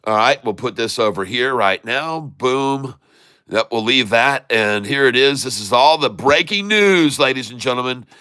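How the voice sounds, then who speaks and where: A man's voice: medium pitch, moderate pace, pushed and bright, smooth, dry recording. A man hosting a casual live stock video, folksy and muttering to himself as he works his computer. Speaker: stock market video host.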